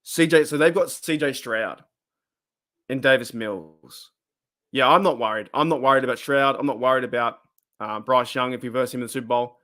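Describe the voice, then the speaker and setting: A man's voice: mid-range voice, a little fast, pushed and bright. A middle-aged Australian man hosting a casual live stream, chatting, rambling and laughing often as he reads viewer comments.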